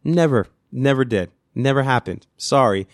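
A man's voice: medium pitch, lively intonation, moderate pace, no room sound, studio quality. A man from New York hosting a podcast, ranting crudely with constant swearing and rambling restarts. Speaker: podcast host. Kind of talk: profane solo rant.

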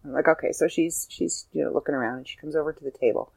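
A woman's voice: low-pitched, fast talker, vocal fry, darkish tone, slightly rough, dry recording, rough recording. An older woman, an author, telling a heartfelt personal story in a casual, rambling way with fillers and restarts.

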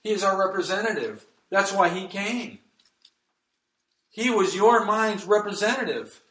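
A man's voice: high-pitched, a little slow, a bit bright, reverberant, low-quality recording. A man preaching a sermon as pastor, emphatic and reading scripture aloud.

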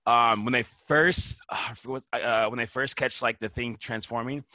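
A man's voice: medium pitch, normal speed, dry recording. A man on a casual film podcast, animatedly retelling movie scenes and swearing casually. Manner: animated, acts out movie lines in quoted voices, swears casually.

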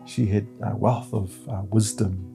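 A man with a gravelly, creaky edge in his voice speaks softly and reflectively. His tone is warm and dark. He is a family caregiver talking about his faith and family in an unhurried way. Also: fairly low pitch, steady tone, soft background music. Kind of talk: reflective personal interview.

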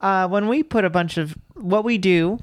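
A man's voice: sits high, moderate pace, no room sound, studio quality. A young man co-hosting a film podcast, chatting loosely, rambling through asides and laughing often. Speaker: podcast co-host. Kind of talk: casual film chat.

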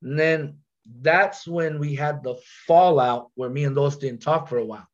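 Telling a story in a casual chat, a rapper guest speaks in slang and keeps repeating himself and starting words over. His voice is nasal and on the high side, and the audio sounds dull.

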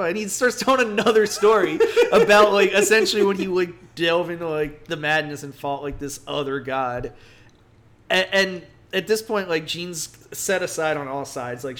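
A man co-hosting a casual podcast, retelling a comic book story with lots of "like" and acted-out quotes. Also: fairly high pitch. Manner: animated storytelling, acts out quotes, heavy "like" filler. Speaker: podcast co-host.

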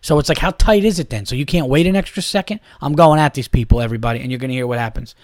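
A man's voice: medium pitch, racing, a little mellow, dry recording, studio quality. A man in his thirties hosting a solo podcast, ranting in a heated, profane, rambling way. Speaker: podcast host.

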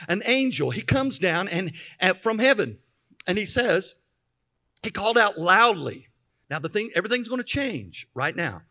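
Male pastor, high and bright, mid-sermon, reads scripture, stops to explain it. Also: big pitch swings. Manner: reads scripture then pauses to explain with emphatic asides.

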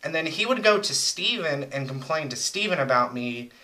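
A man's voice: on the high side, lively intonation, normal speed, bright, forceful tone, poor audio. A young man chatting casually as co-host, rambling through crude, joking stories about old roommates. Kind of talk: casual chat.

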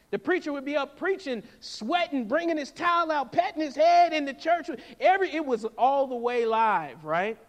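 A man delivers a sermon with a very high-pitched voice. He talks in an animated, conversational way and keeps checking in with the congregation. His voice rings out with the long reverb of a church sanctuary. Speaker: preacher.

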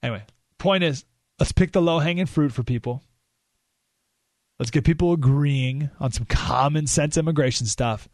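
Talk radio guy ranting, slightly high voice, stumbles and repeats words, dry studio sound. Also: moderate pace, pauses often, no echo. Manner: animated, emphatic, repeats words and restarts. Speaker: radio talk show host. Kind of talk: political talk radio monologue.

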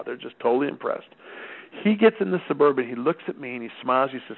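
A man's voice: mid-range voice, fast talker, creaky. A middle-aged man giving a folksy parenting talk, acting out bits of dialogue as he tells his stories. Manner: acts out dialogue with changing voices. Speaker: parenting speaker. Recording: tinny phone-like radio recording.

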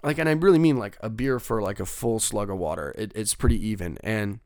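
A man's voice: fairly low pitch, fairly quick, a little mellow, dry recording, studio quality. A young man casually telling a long personal story, rambling and swearing, with lots of filler words.

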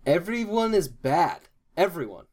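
A man's voice: sits high, very animated, a little slow, a little mellow. Laid-back young man talking sports. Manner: laid-back, hesitant, many fillers. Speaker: podcast co-host. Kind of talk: casual sports chat.

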